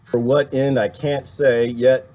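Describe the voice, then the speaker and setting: A man's voice: medium pitch, little pitch movement, slow pace, mellow. A middle-aged man hosting casual commentary, laughing often and mocking others by putting on voices. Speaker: political commentary host. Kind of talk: casual live-stream commentary.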